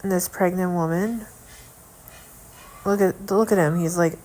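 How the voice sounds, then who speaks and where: A woman's voice: on the low side, fairly even intonation, unhurried, darkish tone. A young woman vlogging at home in casual chat, earnest and indignant, rambling with lots of fillers as she talks.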